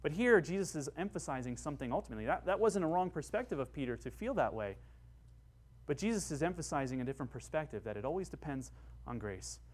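Passionate, high-voiced male preacher. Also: sing-song, quick pace. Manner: passionate preaching, rising to emphatic peaks. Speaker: pastor. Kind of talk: sermon.

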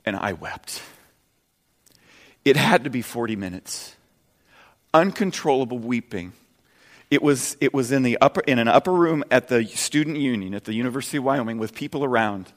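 A man in his fifties preaching a sermon earnestly, dropping soft and low, then rising loud and emphatic. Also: lively intonation, normal speed, pauses often, big-room sound. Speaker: pastor.

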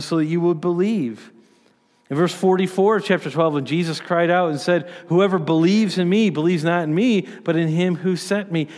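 A man preaching a sermon as pastor, earnest, stressing key lines and dropping to quiet asides. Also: on the high side, in a large hall.

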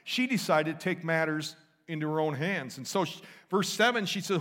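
A man with a fairly high voice preaches, reading verses aloud and then unpacking them in relaxed, chatty terms. His voice rings with the long reverb of a large hall. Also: normal speed. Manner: casual, explains scripture in everyday terms. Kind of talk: sermon with Bible reading.

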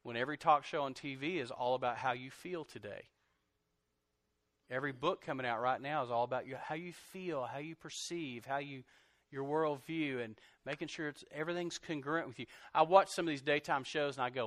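A middle-aged man preaching a sermon, animated, swinging from loud outbursts to soft, confessional lines. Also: medium pitch, fairly quick, no room sound. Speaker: pastor.

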